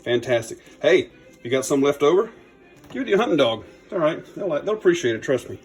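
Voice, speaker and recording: A man's voice: on the high side, sing-song, fast talker, faint music behind. A man, chatting in a folksy, upbeat way while demonstrating a recipe in his home kitchen. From Louisiana. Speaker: cooking channel host. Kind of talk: casual cooking demo.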